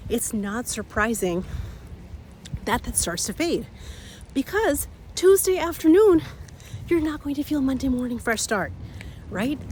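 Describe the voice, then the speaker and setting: A woman in her thirties with a slightly raspy voice, hosting an energetic motivational talk outdoors while a little out of breath from walking uphill. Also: a little high, slight background noise. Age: 30s. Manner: energetic, repeats key phrases, laughs often. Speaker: podcast host and coach.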